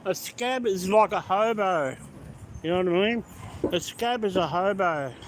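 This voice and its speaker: A man's voice: high voice, measured pace, poor audio. A man chatting with live viewers while he drives, greeting them by name and answering their comments. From Australia. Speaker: live-stream host. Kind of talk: casual live-stream chat while driving. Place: inside a car on city streets. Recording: car road noise behind the voice.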